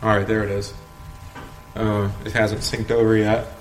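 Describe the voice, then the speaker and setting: A man's voice: lowish voice, little pitch movement, moderate pace. A man leading an informal Bible study, talking conversationally, asking rhetorical questions and chuckling often. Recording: roomy echo, faint background noise.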